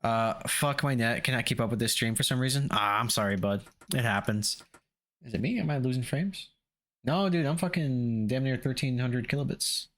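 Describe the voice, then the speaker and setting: A man's voice: medium pitch, moderate pace, a bit bright. A man streaming a video game, chatting casually and profanely with his viewers in a rambling, joking way. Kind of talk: casual live-stream chat while gaming.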